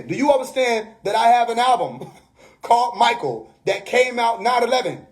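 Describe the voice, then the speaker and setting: A man's voice: very high-pitched, sing-song, normal speed. A man hosting a casual livestream monologue, preachy and laughing often, talking straight to his viewers. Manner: preachy, laughing often, repeats "you know what I mean". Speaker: livestream host. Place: bedroom.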